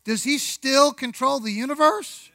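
Man preaching slowly in a high voice. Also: gravelly, bright, forceful tone, no room sound, rough recording. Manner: conversational preaching with rhetorical questions and asides; slow, deliberate emphasis on key words. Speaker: pastor. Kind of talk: sermon.

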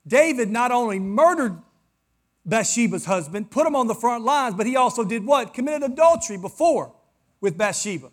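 High-voiced preaching pastor. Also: male voice, animated, normal speed. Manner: preaching, rising to fervent emphasis. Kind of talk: sermon. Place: church in front of a congregation.

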